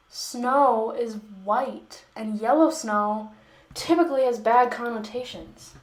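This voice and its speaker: A beauty vlogger speaks slowly in a high-leaning voice as she chats through a makeup tutorial in an echoey room. She rambles, teases herself and drops in jokes as she goes.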